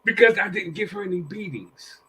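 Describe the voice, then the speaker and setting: A man's voice: sits high, fairly quick, bright, forceful tone, slightly rough, rough recording. An older man casually telling family stories, acting out what people said and repeating phrases as he goes. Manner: acts out quoted dialogue with a raised voice. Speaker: panel guest. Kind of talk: casual storytelling.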